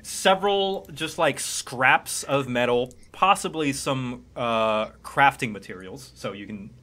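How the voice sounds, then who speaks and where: A man's voice: mid-range voice, slow pace, bright, forceful tone. Man running a tabletop game. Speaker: game master.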